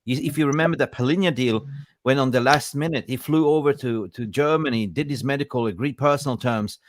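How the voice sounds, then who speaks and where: A man's voice: medium pitch, brisk, no room sound, clean studio sound. A man hosting a casual football podcast, chatty and jokey, greeting viewers by name. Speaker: podcast host. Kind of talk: casual live-stream football chat.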